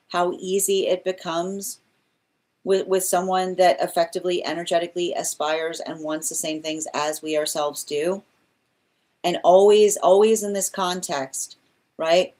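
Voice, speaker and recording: A woman's voice: on the low side, steady tone, a little slow, a little mellow. A woman doing a live tarot reading, rambling with many restarts and exasperated asides, laughing often as she mocks. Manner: laughs often while mocking. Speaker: tarot reader.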